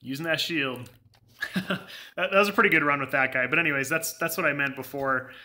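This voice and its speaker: A man's voice: on the high side, a little fast, pushed and bright. A young man giving casual live gameplay commentary, rambling through filler words and laughing often. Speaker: game streamer.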